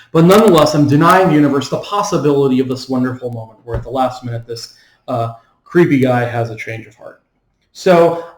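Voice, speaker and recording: A man's voice: mid-range voice, reverberant, poor audio. A man lecturing on philosophy, hesitant, with many ums and restarts as he walks through an argument. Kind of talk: recorded lecture.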